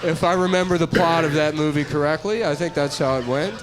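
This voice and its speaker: A middle-aged man doing a stand-up comedy set, rambling and deadpan, laughing at his own jokes. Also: on the high side, quick pace, faint music behind.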